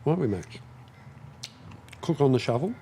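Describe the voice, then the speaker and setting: A man hosting a casual live stream from his shed, chatting slowly and snapping commands at his dogs. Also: medium pitch, lively intonation, slight background noise. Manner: slow, chatty, scolding his dogs in sharp bursts. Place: home workshop shed.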